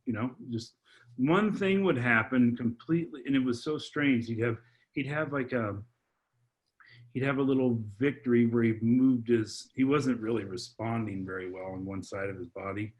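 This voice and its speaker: A man on a podcast, telling a heartfelt personal story in a halting way, full of restarts and repeated words. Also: mid-range voice. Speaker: podcast guest, father. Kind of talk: heartfelt personal testimony in conversation.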